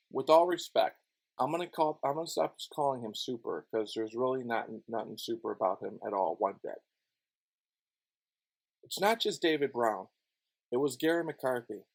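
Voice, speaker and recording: A man's voice: mid-range voice, creaky. A man from Chicago on his YouTube channel, delivering a heated, profane, repetitive rant. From Chicago, USA. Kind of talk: ranting monologue vlog.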